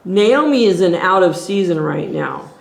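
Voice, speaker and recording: A woman's voice: on the low side, expressive, unhurried, gravelly. Woman teaching a bible study, earnest and exhorting, roomy echo. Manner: earnest, exhorting, thinking aloud. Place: church meeting room. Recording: echoey room.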